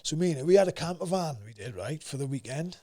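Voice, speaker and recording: A man's voice: fairly high pitch, animated, fast talker, warm tone. A man in his thirties with a South Wales valleys accent, a podcast guest who tells rambling anecdotes and swears constantly. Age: 30s. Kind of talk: casual storytelling.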